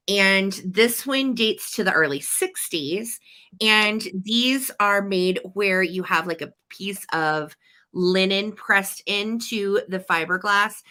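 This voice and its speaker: A woman hosting a live vintage sale stream, chatting enthusiastically as she pitches each item. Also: bright, forceful tone. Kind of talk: live-stream sales chat.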